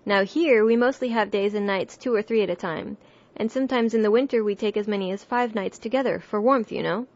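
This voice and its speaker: A woman voicing a bossy, stern queen in a storybook reading, sharp and emphatic, on a dull lo-fi recording. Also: mid-range voice, brisk, hardly any pauses, natural voice.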